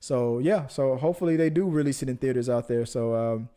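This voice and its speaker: A man's voice: medium pitch, a little fast, warm tone, clear, resonant tone. A man co-hosting a casual movie podcast, rambling and joking as he talks through the news. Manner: jokey, rambling, self-correcting. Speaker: podcast co-host.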